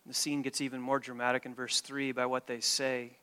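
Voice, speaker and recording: A man preaching a sermon, emphatic, with loud stressed points and hushed, quiet lines. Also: mid-range voice, completely flat delivery, fairly quick, smooth.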